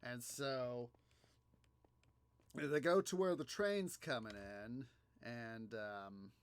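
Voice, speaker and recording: A man hosting a gaming video, telling a story in a halting, rambling way, full of fillers and restarts as he plays. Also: medium pitch, smooth, no room sound. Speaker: gaming channel host. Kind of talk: casual gameplay commentary.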